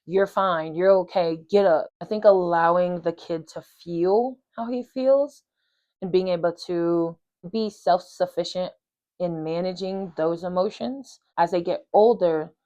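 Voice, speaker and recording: A woman's voice: on the low side, a little slow, mellow, highs cut off. A woman hosting a podcast, talking earnestly and casually, with fillers and restarts. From Polynesian community. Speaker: podcast host. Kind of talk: reflective casual talk.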